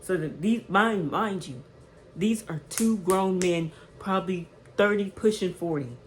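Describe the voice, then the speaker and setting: A woman around twenty telling a storytime on her vlog, animated and chatty, checking in with "right?" as she goes. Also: on the low side, a little slow, a little hiss or hum, rough recording. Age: 20s. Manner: animated, repeats "right?" to the viewer. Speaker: vlogger.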